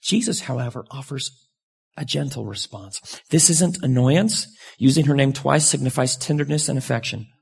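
A pastor preaching in a loose, conversational way, his voice heavy with gravel and grit. The tone runs husky and a little rough, and now and then he leaps upward in pitch for emphasis. It is a man speaking frankly to a congregation. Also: moderate pace. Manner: conversational and candid, with sudden lively jumps in pitch. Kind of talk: sermon.

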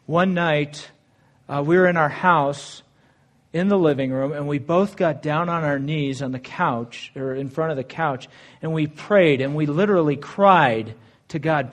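A man's voice: a little high, unhurried. A married man preaching a sermon in a church, earnest and conversational, reading scripture aloud. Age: adult, married. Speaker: pastor.

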